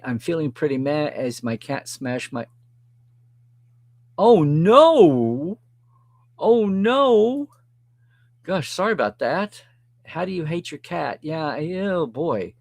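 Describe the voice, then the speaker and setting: A middle-aged man hosting a live stream, reading viewer comments aloud and reacting in a chatty, animated way. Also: fairly high pitch, vocal fry, no room sound.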